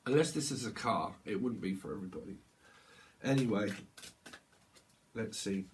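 A man's voice: fairly low pitch, lively intonation, normal speed, slight background noise. A man giving a loose, rambling tarot reading, laughing often and acting out little quoted voices. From United Kingdom. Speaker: tarot reader. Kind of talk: channeled tarot reading to camera.

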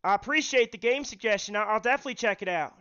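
A man runs a call-in livestream in a very high, bright voice. He talks haltingly and repeats his words. The audio is muffled and lo-fi. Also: a little hiss or hum. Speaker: livestream host taking callers. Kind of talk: hosting a call-in show.

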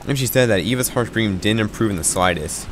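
A man narrates a fan reading of a visual novel and often stumbles over and repeats words. His voice is fairly low and rises and falls a lot. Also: expressive, fast talker, background noise.

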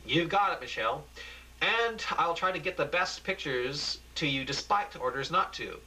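A man's voice: on the high side, lively intonation, moderate pace, bright, forceful tone, slight background noise, pitched above the performer's own voice, exaggerated voice, rough recording. A man voicing a nervous male field reporter in an amateur radio play, hesitant and stammering.

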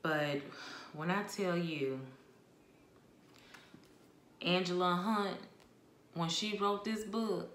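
A woman talks through her monthly book reviews in an expressive, chatty way. Her voice is bright and low-pitched, and her pace is unhurried. The room around her sounds echoey. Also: a little hiss or hum. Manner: expressive, chatty, with laughs and asides. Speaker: book vlogger. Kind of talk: casual book review chat.

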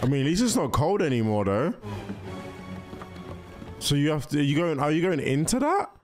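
Excitable man chatting at the screen. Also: a little high, normal speed, music in the background. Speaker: reaction video host. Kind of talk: casual movie reaction commentary.

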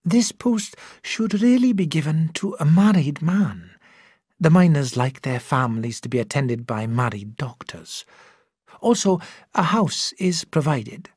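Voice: mid-range voice, expressive, darkish tone, breathy edge, dry recording, studio quality, voice pushed up. A reader voicing a formal committee secretary. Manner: measured, formal speech.

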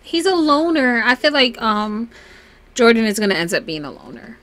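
A woman giving casual gameplay commentary in a voice pitched a little high. Her tone swings up and down freely. She chats along and coaxes her game characters like they're her kids. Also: sing-song, normal speed, a bit bright. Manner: chatty, talks fondly to her game characters. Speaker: let's play host.

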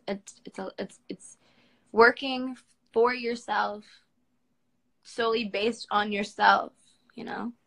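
Answering viewer comments on a phone livestream from home, this twentysomething model from Washington, D.C., United States, keeps things casual. She has a fairly high, fairly bright voice with vocal fry, and the audio is poor.

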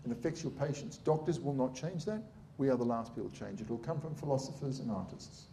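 A man's voice: mid-range voice, expressive, fast talker, mellow, a little hiss or hum. A middle-aged man, a surgeon giving a blunt, sarcastic public talk.

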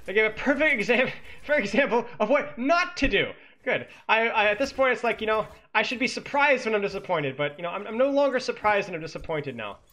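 A man's voice: high-pitched, bright, forceful tone. A man coaching as he analyzes a game replay, teasing and sarcastic, cracking jokes between points. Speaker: esports coach.

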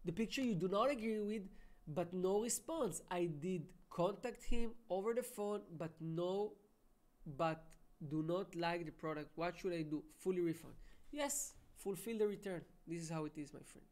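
A man's voice: sits high, normal speed, a little mellow. Casual man hosting a live Q&A. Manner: casual, friendly, calls viewers "my friend". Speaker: webinar host. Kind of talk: live Q&A reading viewer questions.

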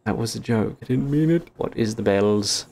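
A man's voice: lowish voice, moderate pace, vocal fry, darkish tone. A young Australian man with an Australian accent giving jittery, swearing gaming commentary as a streamer, with nervous laughter.

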